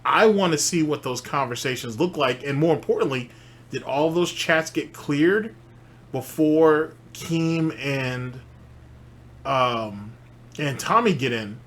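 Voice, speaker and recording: A man's voice: a little high, slow pace, fairly bright tone. A man hosting a reaction show, musing aloud about a clip with many restarts and filler words. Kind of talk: reaction commentary.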